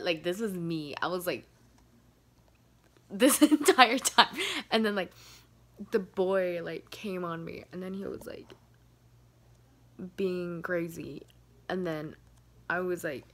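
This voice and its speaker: A young woman telling a casual storytime on her vlog. She rambles, leans heavily on "like", and sometimes drops into a soft whisper. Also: on the low side, fairly even intonation, measured pace, long pauses. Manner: rambling, heavy use of "like" fillers. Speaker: vlogger.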